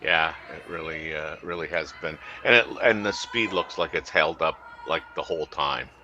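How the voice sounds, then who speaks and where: Low voiced guy doing curling color, lots of ums, kinda muffled sound. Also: sharp tone, a little hiss or hum. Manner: hesitant, halting, filler-heavy. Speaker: curling commentator and coach. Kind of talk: live sports commentary, casual chat.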